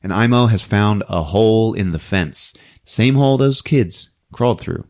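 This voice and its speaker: A man hosting a podcast who recaps a movie in a casual, animated storytelling way. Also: lowish voice, moderate pace. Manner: animated storytelling, acting out scenes. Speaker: podcast host.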